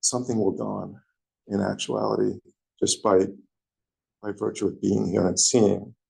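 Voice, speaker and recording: A man's voice: on the low side, level tone, vocal fry, darkish tone, husky. A man with a New York accent, speaking hesitantly and correcting himself as he searches for words in a group meeting. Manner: hesitant, halting, self-correcting. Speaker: meeting participant. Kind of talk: searching conversational dialogue. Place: meeting room.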